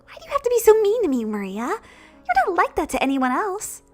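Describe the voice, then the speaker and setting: A woman playing a bubbly, high-voiced young woman. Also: wildly swooping pitch, brisk, faint music behind, heavily acted. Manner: high, bright and gushing. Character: bubbly, cheerful young woman, open and excitable.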